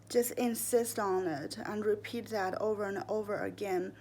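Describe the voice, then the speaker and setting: A young woman calmly and earnestly giving advice in a casual monologue, with frequent fillers. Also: mid-range voice, a little hiss or hum. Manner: calm, earnest, deliberate, with fillers and slips.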